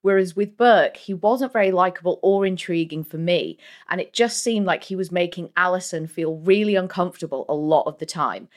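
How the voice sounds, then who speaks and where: A woman's voice: fairly low pitch, brisk, few pauses. Woman, podcast co-host, casual talk, thoughtful, hedging. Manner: thoughtful, hedging with 'sort of' and 'like'. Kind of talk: casual film discussion.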